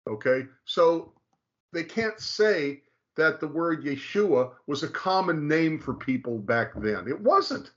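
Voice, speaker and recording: A man lays out a point in a lecturing way, often stopping to say "okay" and restarting his words. His voice sits somewhat high for a man. The recording sounds dull and lo-fi. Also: lively intonation, slow pace, fairly bright tone. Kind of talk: casual explanatory talk.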